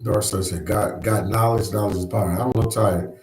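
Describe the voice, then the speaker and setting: Casting: laid-back male livestream host, lowish voice, echoey room, chats loosely with viewers. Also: fairly even intonation, a little fast, a little mellow. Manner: easygoing, repeats phrases, says "man" often. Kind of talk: casual live chat. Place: New York.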